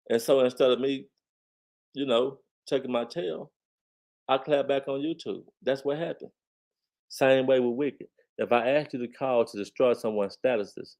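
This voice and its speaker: A man hosting a casual commentary, talking straight to his viewers and repeating phrases for emphasis. He stresses points by swinging his voice up and getting louder. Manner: lively swings in pitch and loudness when stressing a point. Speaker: commentary channel host. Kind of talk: casual commentary on online drama.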